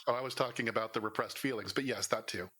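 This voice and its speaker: A man's voice: fairly low pitch, fast, bright, forceful tone, breathy edge. A man playing a tabletop role-playing game, tossing out joking, teasing quips. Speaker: player. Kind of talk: casual banter during tabletop game.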